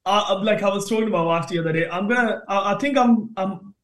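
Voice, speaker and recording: A man in his thirties from India, a podcast guest telling a lively, sweary story about his trainer course. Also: high voice, fast talker. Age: 30s. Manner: animated, swears freely, acts out both sides of quoted arguments. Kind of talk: casual interview storytelling.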